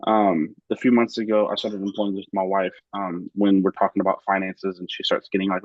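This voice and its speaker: A man who works as a teacher, sharing an idea earnestly and quickly in a group chat. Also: sits low, level tone, no echo, lo-fi sound. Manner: earnest, fast, ramps up as he talks. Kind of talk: casual chat.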